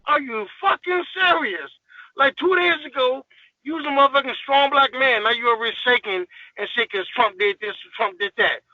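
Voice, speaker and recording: A man's voice: extremely high pitch, moderate pace, no room sound, muffled recording. A man guest on a podcast, ranting in a heated, profane, emphatic way in casual talk.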